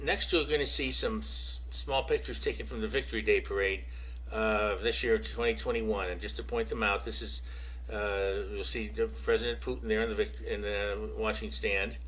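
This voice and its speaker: Husky opinionated American man. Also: on the low side, fairly even intonation, normal speed, fairly bright tone, low-quality recording. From United States. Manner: opinionated, talks to viewers directly with rhetorical questions. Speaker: political commentary vlogger. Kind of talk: casual political commentary to camera.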